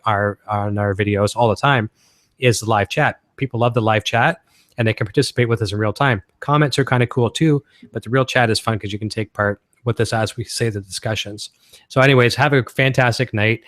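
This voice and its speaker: A man's voice: lowish voice, steady tone, fast talker, no room sound, clean studio sound. A man from Canada hosting a casual guitar-gear livestream, talking in an enthusiastic, rambling way.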